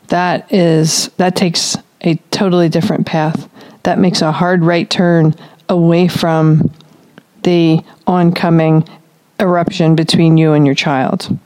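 A woman working as a parenting coach, giving calm, explanatory advice to parents. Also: fairly low pitch, takes it slowly.

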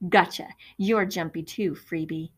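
A woman's voice: fairly low pitch, steady tone, measured pace, husky. Woman doing a teasing teenage boy.

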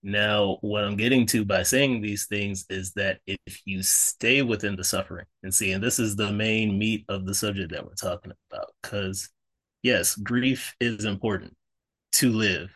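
A man's voice: fairly low pitch, fairly even intonation, measured pace, fairly bright tone. A man co-hosting a podcast in a casual, earnest way, encouraging listeners with faith-driven talk and many fillers and self-corrections. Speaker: podcast co-host.

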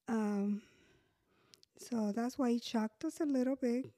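A woman in a faith podcast conversation who talks in a slow, hesitant way. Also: a little high, mellow, dry recording, clean studio sound. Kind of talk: casual conversation.

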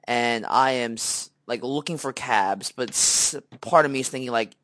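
Telling a casual story on the podcast he co-hosts, the young man voices the characters himself and fills his speech with fillers. He speaks at a moderate pace in a mid-range voice, free of echo.

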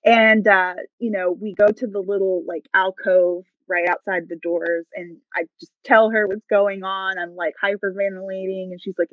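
A woman's voice: mid-range voice, flat delivery, moderate pace, few pauses, dry recording, phone-quality sound. A woman guest telling her personal faith story with emotion, acting out the voices of people she quotes. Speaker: podcast guest.

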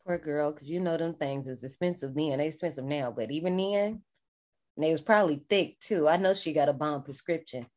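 A woman's voice: sits low, fairly quick. A woman, co-hosting a casual chat, talking expressively with lots of laughter. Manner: expressive, laughing, dialect-heavy speech. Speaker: podcast co-host. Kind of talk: casual chat recapping a film.

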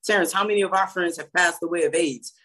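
A man's voice: high voice, fast talker, bright, forceful tone. A man co-hosting a podcast, talking in a blunt, emphatic, casual way and swearing freely. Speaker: podcast co-host. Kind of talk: casual chat.

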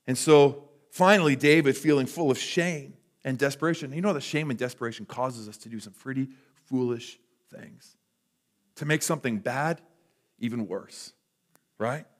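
A man's voice: mid-range voice, normal speed. A man preaching a sermon, retelling a story in a conversational way and often restarting his sentences. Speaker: pastor.

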